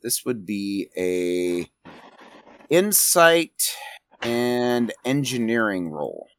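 A man's voice: lowish voice, sing-song, very slow. A man narrating as game master for a tabletop game, rambling and stopping often to hunt for words. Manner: rambling, many fillers.

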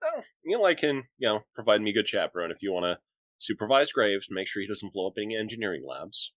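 A man playing a tabletop role-playing game, talking in an animated way and switching between character voices. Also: lowish voice, fast talker, no room sound. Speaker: tabletop player.

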